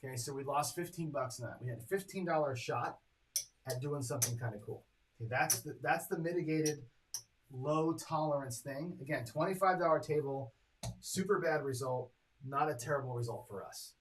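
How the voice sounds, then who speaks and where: This man's voice sits on the high side and moves at a moderate pace, with background noise present. As a craps strategy host on a live stream, he chats casually, reads each dice roll, tallies his bets, and addresses viewers directly.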